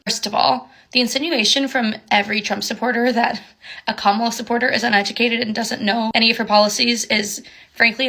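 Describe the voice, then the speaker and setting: A woman's voice: a little high, fairly bright tone. A woman ranting in an exasperated, sarcastic tone in a casual social media video. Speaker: content creator.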